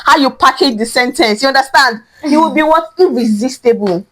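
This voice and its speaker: A young woman with a Nigerian accent hosts a casual teaching chat, sounding excitable and playful. Her voice is high-pitched and brisk, and she repeats phrases for emphasis.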